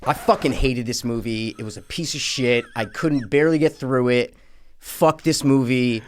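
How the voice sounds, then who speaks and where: A man hosting a casual movie review chat, loud and joking, often swearing and ranting. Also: mid-range voice, normal speed, slight background noise. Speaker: podcast host.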